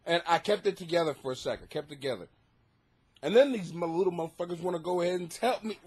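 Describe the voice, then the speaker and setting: A man's voice: on the high side, quick pace, a little mellow, slightly rough. A man hosting a comedy podcast from his basement, telling stories in a loose, profane, storytelling way. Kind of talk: casual comedic monologue. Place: home basement.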